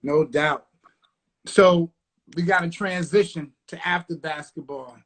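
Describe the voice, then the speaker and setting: A man's voice: on the high side, measured pace. A man hosting a podcast interview, backing the guest up and cheering him on with short prompts. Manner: steady backchannel, hyped prompts. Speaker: podcast host. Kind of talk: casual interview.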